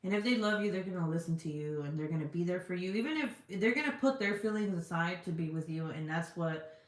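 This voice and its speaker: Middle-aged woman, low voice, casual rambling chat with viewer comments, salty language, echoey room. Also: expressive, quick pace. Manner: chatty, swears freely, lots of "like" fillers. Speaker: vlogger reading viewer comments.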